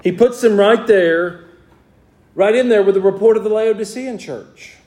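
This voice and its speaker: A man preaching in an echoey church, his voice a little higher than most men's but mellow in tone. He reads old scripture aloud and then explains it to his congregation in plain talk. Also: moderate pace. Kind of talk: evening sermon with scripture reading.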